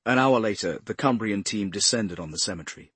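Husky male audiobook narrator. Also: lowish voice, expressive, fairly quick, a bit bright, dry recording. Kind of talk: scripted narration.

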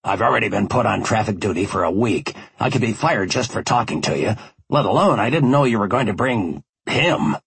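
A man's voice: lowish voice, expressive, a little fast, gravelly, fairly bright tone, husky, no echo, heavily acted. A man voicing a sarcastic, irritated cop. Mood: annoyed. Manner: scolding, sarcastic. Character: irritated, suspicious male police detective. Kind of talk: audiobook character voice.

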